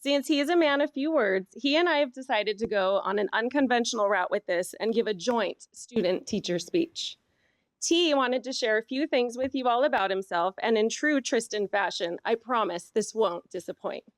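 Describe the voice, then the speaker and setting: Warm, higher-voiced woman teacher speaking. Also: moderate pace, no room sound. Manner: warm, playful, coaxing a student along. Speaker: teacher and sports leadership coordinator. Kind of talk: award speech.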